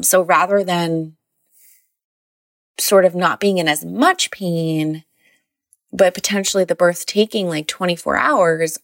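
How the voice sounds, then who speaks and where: A woman's voice: lowish voice, vocal fry, fairly bright tone, no room sound, studio quality. A mother casually recounting a birth story, rambling and filling her speech with "like". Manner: rambling, heavy use of "like".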